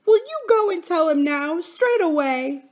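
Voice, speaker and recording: A woman voicing a timid little girl, tearful, high, pleading, storybook reading. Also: sing-song, unhurried, full character voice.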